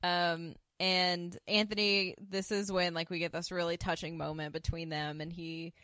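A woman's voice: on the low side, level tone, moderate pace, sharp tone, clean tone, no room sound. A woman co-hosting a podcast, casually recapping an episode scene by scene, quoting the characters' lines and laughing along. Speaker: podcast co-host.

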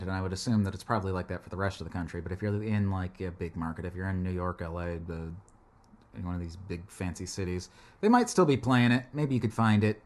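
Lively, rambling casual guy. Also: on the low side. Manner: rambling, joking, swears casually. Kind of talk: casual chat.

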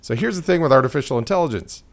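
A man talks through a casual podcast conversation in a rambling, opinionated way, breaking into laughter often. His voice sits at an ordinary middle pitch. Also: expressive, racing. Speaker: podcast co-host. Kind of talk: casual chat.

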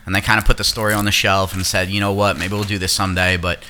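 A man's voice: deep voice, little pitch movement, fast, sharp tone, a little hiss or hum. A man hosting a casual podcast chat, rambling, swearing now and then and explaining at length. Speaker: podcast host.

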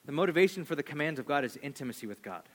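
A man in his thirties preaching a sermon, animated, swinging between loud emphasis and hushed, low asides. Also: very fast. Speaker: pastor.

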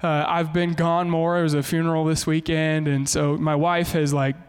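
High-voiced pastor preaching animatedly. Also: male voice, normal speed, clear, resonant tone. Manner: animated, humorous storytelling. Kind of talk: sermon.

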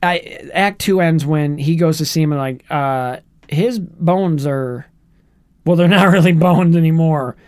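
A co-host on a casual movie review podcast, playful and quick to put on silly voices. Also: medium pitch, darkish tone, clean tone, no echo, studio quality. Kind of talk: casual chat.

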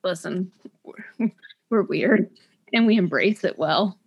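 A young adult woman co-hosting a casual book podcast, talking in an animated, gushing way with quick asides. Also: lowish voice, slightly rough, muffled recording. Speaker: podcast co-host.

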